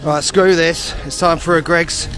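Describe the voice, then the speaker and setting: A man's voice: a little high, steady tone, unhurried, fairly bright tone, soft background music. Sardonic West London man vlogging. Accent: West London (Hounslow). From Hounslow, London. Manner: sardonic, dry sarcastic humor. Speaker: travel vlogger. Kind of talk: walking travel vlog to camera. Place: outdoors on windy town streets.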